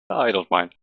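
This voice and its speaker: A man's voice: medium pitch, gravelly, bright, forceful tone, no room sound, clean studio sound. A man whose first language is French, a player guest on a gaming stream, laid-back and teasing. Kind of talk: casual voice chat.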